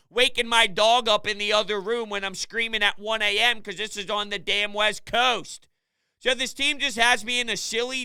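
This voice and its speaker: A man ranting in an opinionated sports commentary vlog, animated and exasperated. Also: high-pitched, smooth, dry recording. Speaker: sports vlogger.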